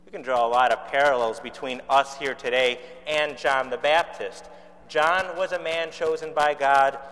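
A pastor from Chicago preaching a sermon in a conversational way, with rhetorical questions and dry humor. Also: male voice, mid-range voice, fairly even intonation, moderate pace, fairly bright tone, in a large hall.

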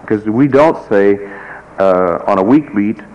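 Taking it slowly in a lowish, animated voice, a music teacher gives a classroom lecture full of wry digressions and asides. Faint hiss runs through the muffled, lo-fi recording.

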